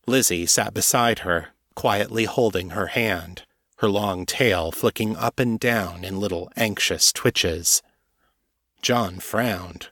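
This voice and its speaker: A man narrating a fantasy story in a measured, deliberate way. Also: fairly low pitch, a bit bright, dry recording, clean studio sound. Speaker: audiobook narrator. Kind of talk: scripted fiction narration.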